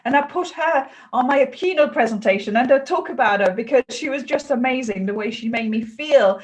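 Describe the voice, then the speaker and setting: A middle-aged woman from France with a French accent, speaking as an interview guest in an earnest, animated way, often laughing between phrases. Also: high-pitched, brisk, poor audio. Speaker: guest, customer experience consultant. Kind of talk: interview conversation.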